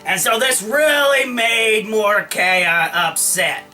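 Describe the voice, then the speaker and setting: A man's voice: high voice, animated, takes it slowly, pushed and bright, distant mic, faint music behind, poor audio. A man casually retelling an old story in a slangy, comic way, often acting out the characters' lines. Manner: slangy, full of "like", acts out lines.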